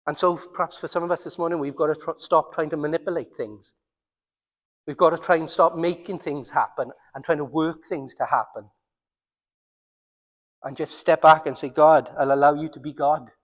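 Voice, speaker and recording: A man with a Welsh accent preaching a sermon as pastor, earnest, slowing down and dropping his voice for emphasis. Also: a little high, fairly even intonation, fairly bright tone, big-room sound. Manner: earnest, slows down and drops to near silence for emphasis. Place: church.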